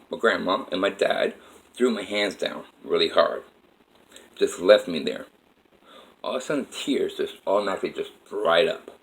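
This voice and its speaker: A man's voice: low voice, creaky, poor audio. A man telling a personal story in a rambling, repetitive way with many "like" fillers.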